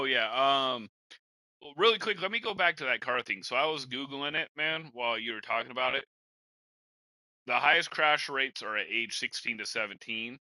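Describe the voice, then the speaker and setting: A young podcast host who plays Madden chats in a relaxed, meandering way, calling his cohost "bro" and "man" while fighting the hiccups. His medium-pitched voice is bright and forceful, and the rough recording has no room sound.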